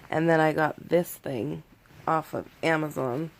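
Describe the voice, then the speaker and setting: A woman's voice: low voice, a little slow, vocal fry. A woman in her thirties talking from bed into a phone in a rambling, candid confessional vlog, shaky and worn out after a panic attack. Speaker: vlogger. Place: in bed in a bedroom at home.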